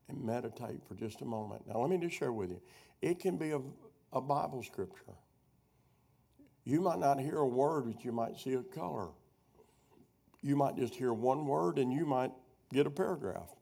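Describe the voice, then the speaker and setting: Gravelly middle-aged guy preaching, folksy stories, keeps getting sidetracked and backing up. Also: mid-range voice, a little mellow. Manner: rambling storyteller who loses his thread and doubles back. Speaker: preacher teaching a prophecy workshop. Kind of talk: folksy teaching sermon with personal stories.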